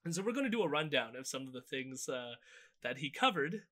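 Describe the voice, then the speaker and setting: Bright-voiced man on a podcast. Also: fairly high pitch, big pitch swings, brisk. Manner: loose and sardonic, recapping clips. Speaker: podcast co-host. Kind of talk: casual political commentary chat.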